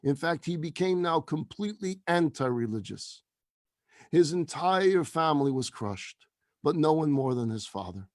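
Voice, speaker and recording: A man, a rabbi, telling a story as a sermon, acting out the dialogue in his voice and dropping to a hushed, slow delivery at emotional peaks. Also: on the high side, no echo, clean studio sound.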